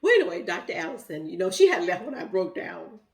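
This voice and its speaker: A woman's voice: fairly low pitch, very animated, quick pace. A middle-aged woman, telling a heartfelt personal story in a rambling, emotional way with many fillers. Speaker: vlogger.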